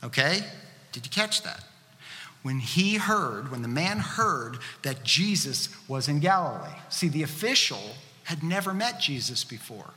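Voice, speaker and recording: A man's voice: on the high side, very animated, a little slow, bright, forceful tone. A man preaching a sermon as a pastor, earnest and conversational, asking the listeners questions as he goes. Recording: reverberant hall.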